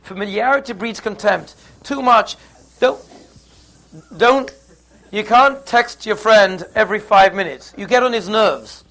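High gravelly man giving a Torah class. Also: unhurried. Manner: animated, acts out the quarrel in put-on voices. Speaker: Torah teacher.

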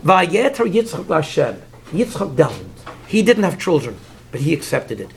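A man's voice: fairly high pitch, normal speed, creaky, a little hiss or hum. A man giving a Torah lecture, explaining commentaries in English mixed with Hebrew terms and acting out the figures in the story. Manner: animated, acts out the figures in the story. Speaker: Torah teacher.

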